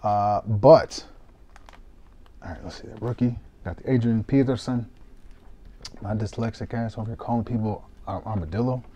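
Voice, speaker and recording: Excitable swearing man, mellow voice. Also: on the low side, moderate pace, long pauses, breathy edge. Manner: excitable, self-mocking, swears casually. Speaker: card break streamer. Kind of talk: casual live-stream commentary.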